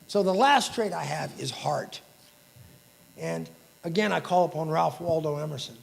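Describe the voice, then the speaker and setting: Gravelly man giving a keynote in a hall. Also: fairly high pitch, normal speed. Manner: emotional, inspirational, quotes famous sayings. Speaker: keynote speaker. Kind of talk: banquet keynote speech. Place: large banquet hall. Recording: reverberant hall.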